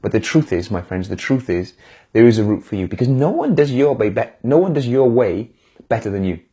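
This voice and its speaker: A man's voice: fairly low pitch, expressive, fairly quick, mellow, slightly rough. A man speaking as a motivational speaker on a live stream, encouraging viewers directly in a casual pep talk. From United Kingdom.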